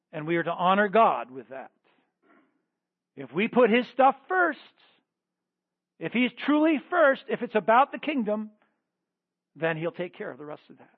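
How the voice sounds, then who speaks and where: A male pastor preaching a sermon in a church service, leading the congregation into prayer with fervent, repeated calls that swing between loud bursts and hushed pleading. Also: high voice, dry recording, narrow, tinny audio. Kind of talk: sermon with altar-call prayer.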